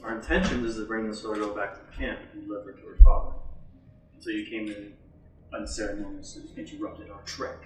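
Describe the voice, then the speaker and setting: A man at a tabletop game argues firmly in character, talking quickly in a lowish voice. He sits some way from the mic. The room is echoey and faint music plays. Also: little pitch movement, distant mic, slight background noise. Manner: firm, argumentative. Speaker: player.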